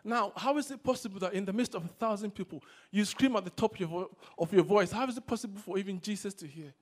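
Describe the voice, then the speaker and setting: A man preaching a sermon to a congregation, swinging between loud exhortation and quiet asides. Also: sits high, quick pace. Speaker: pastor. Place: church service.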